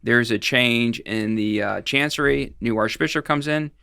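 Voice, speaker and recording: A man's voice: medium pitch, a little slow, vocal fry, sharp tone, clear, resonant tone, no echo, studio quality. A middle-aged man, a guest expert on financial fraud, recounting cases in a casual interview, rambling along with frequent restarts and fillers.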